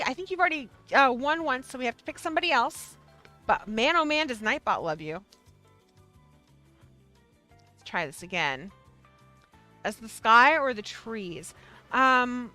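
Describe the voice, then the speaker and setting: A woman hosting a casual livestream, chatting with her viewers in a bubbly, excitable way. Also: high voice. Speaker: livestream host of a yarn shop show.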